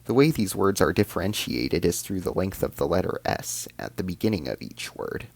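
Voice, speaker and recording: A man giving a measured, scripted explanation as the host of an educational video, slowing down to spell out terms. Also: low-pitched, very animated, vocal fry, darkish tone.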